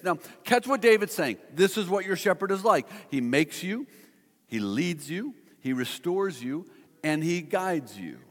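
A middle-aged man preaches from the pulpit in a measured, emphatic way, drawing out the scripture he quotes. His voice sits fairly high for a man. The sound carries a long reverb, as in a large church hall. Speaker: pastor. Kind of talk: sermon.

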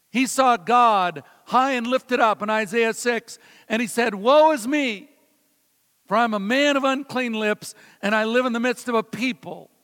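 High-voiced preacher in a reverberant hall. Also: male voice. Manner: storytelling preacher, drops to soft hushed quotes. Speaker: pastor. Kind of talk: sermon.

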